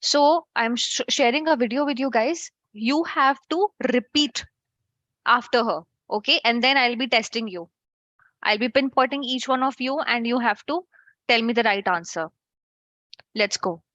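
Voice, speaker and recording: A woman's voice: on the high side, moderate pace, fairly bright tone, dry recording, muffled recording. A woman teaching an online French class, chatty and checking in with her students.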